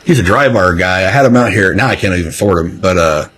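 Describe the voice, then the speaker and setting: A man, a comedy venue owner telling animated stories in casual podcast chat and swearing freely. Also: low voice, quick pace, a little hiss or hum.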